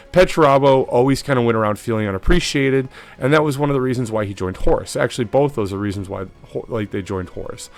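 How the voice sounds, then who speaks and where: A man hosting a lore video in casual commentary, talking loosely with lots of fillers and tag questions. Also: fairly low pitch.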